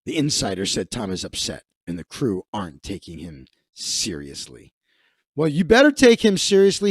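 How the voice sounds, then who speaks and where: A man's voice: fairly low pitch, wildly swooping pitch, normal speed, husky, dry recording, studio quality. A man hosting a comedic live stream, reading news aloud with sarcastic, profane asides. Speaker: host.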